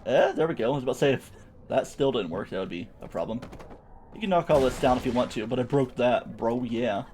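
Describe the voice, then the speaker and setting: A man's voice: mid-range voice, quick pace, darkish tone, slight background noise. A young man streaming a game, giving playful, chatty commentary with silly sound words. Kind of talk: gameplay commentary.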